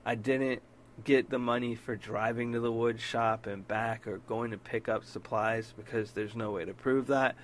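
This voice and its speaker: A man's voice: medium pitch, fairly even intonation, normal speed, slight background noise. A man hosting a casual storytelling podcast, bluntly retelling a dispute, swearing freely and raising his voice when he quotes himself. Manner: voice rises when quoting himself in arguments. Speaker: podcast host.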